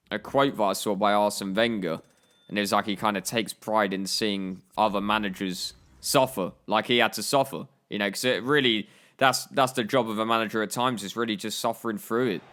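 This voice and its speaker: A man's voice: on the low side, steady tone, normal speed, fairly bright tone, smooth. A young man telling playful, joking stories while commenting on a football video game. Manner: playful storytelling, laughing at his own jokes. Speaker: gaming YouTuber.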